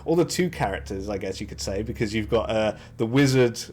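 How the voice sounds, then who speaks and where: A man's voice: fairly low pitch, a little fast, slight background noise. A young man giving a casual, chatty review of anime, often restarting his sentences. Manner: lively, chatty, frequent restarts and fillers. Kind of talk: casual commentary.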